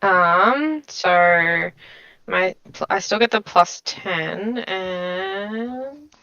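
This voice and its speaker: A woman's voice: lowish voice, lively intonation, drawn-out words, pushed and bright, clear, resonant tone, muffled recording. A woman playing a tabletop game, eagerly asking the game master what her character can do. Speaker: player. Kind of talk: casual tabletop game play.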